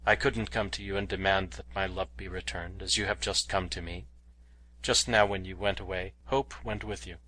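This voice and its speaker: A man voicing a proud, tender young Stone Age cave woman in an audiobook, speaking softly and quietly. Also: low voice, steady tone, moderate pace, rough recording. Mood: sorrowful. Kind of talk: audiobook character reading.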